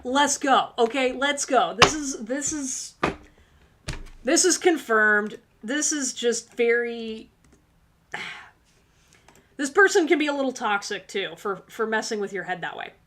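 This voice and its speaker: A woman's voice: a little high, expressive, takes it slowly, long pauses, fairly bright tone, a little hiss or hum. A woman hosting a tarot livestream, talking casually and sassily to her viewers and laughing often. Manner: sassy, laughs often, talks straight to viewers. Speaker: tarot reader and livestream host.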